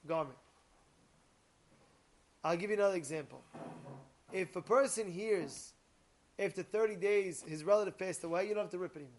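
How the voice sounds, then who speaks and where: A man giving an animated sermon, telling stories and rising to near-shouts. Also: high voice. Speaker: rabbi teaching Torah.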